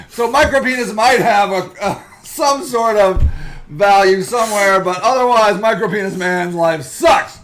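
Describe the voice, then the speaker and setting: A man hosting a comedic podcast, reading an article aloud and mocking it loudly. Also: high voice, measured pace. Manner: loud, excitable, mocking, jumps into silly voices. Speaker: podcast host.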